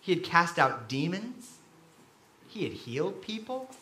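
A man preaching a sermon as pastor, telling stories with animated, sudden loud bursts. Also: sits high, a little slow, echoey room. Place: church.

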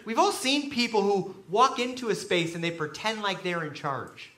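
High-voiced pastor preaching in an echoey church. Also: male voice, normal speed. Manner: animated storytelling with sudden loud bursts. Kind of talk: sermon.

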